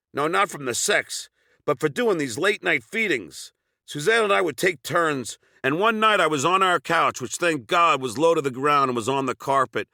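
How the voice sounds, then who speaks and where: A man's voice: on the high side, creaky, sharp tone, no echo, clean studio sound. A man reading his own memoir aloud, telling crude and sarcastic stories. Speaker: memoir narrator.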